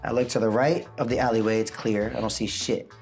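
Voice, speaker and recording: An animated man tells a story in casual chat, jumping into quoted voices as he goes. Faint music plays under his voice. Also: fairly low pitch, a little fast. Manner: excited storytelling, acts out quotes. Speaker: host.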